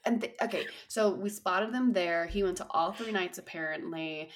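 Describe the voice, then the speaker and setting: A woman's voice: fairly low pitch, normal speed. A young adult woman co-hosting a podcast, chatting in a rambling way with many fillers. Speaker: podcast co-host. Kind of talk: casual chat.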